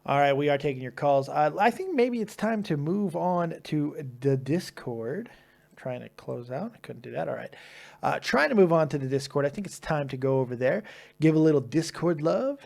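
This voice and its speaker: A man's voice: fairly high pitch, lively intonation, moderate pace, creaky, darkish tone. A man hosting a live call-in stream, chatting casually, swearing often and laughing, with plenty of restarts. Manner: profane, laughing, rambling with restarts. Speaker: host of a live call-in show.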